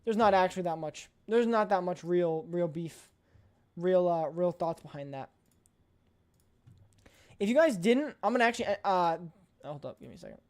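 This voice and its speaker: A woman's voice: on the low side, expressive, moderate pace, long pauses, a little mellow. A woman streamer chatting casually on a live stream, emphatic and playfully blunt, often repeating her points.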